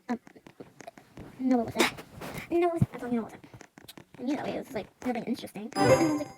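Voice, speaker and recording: A woman's voice: high-pitched, quick pace, long pauses, poor audio. A woman rambling through a casual story time, her voice sped up, with lots of "like" and "you know.". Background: loud music.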